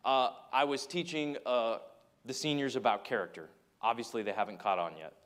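A man's voice: mid-range voice, normal speed, fairly bright tone. Male preacher, earnest, tells stories from the pulpit and speaks his listeners' objections aloud. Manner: earnest preaching with acted quotes and storytelling. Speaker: pastor. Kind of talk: sermon.

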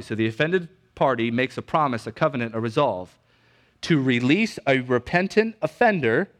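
A male pastor gives a teaching sermon at a mid-range pitch. He talks to his listeners conversationally, tosses in quick checks like "okay?", and slows down to repeat key points for note-taking. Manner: conversational, asks the crowd "right?" and "okay?".

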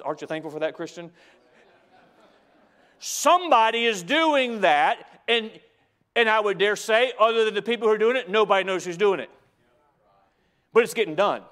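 High-voiced preacher swinging soft to loud. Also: male voice. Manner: repeats phrases for emphasis. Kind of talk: sermon. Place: church sanctuary.

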